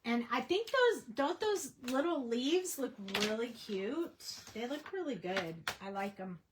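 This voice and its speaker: A woman's voice: high voice, animated, measured pace, noisy background. A woman casually teaching a coloring tutorial on a livestream, chatty and rambling with plenty of fillers. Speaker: craft instructor.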